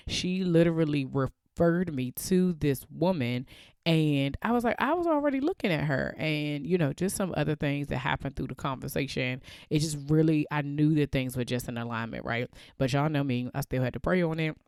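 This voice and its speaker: A woman in her thirties hosting a casual faith podcast, with a deep, bassy voice that sounds congested from allergies. She is chatty and laughs often. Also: steady tone, moderate pace, a little mellow, clear, resonant tone, no room sound, studio quality. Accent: American. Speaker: podcast host.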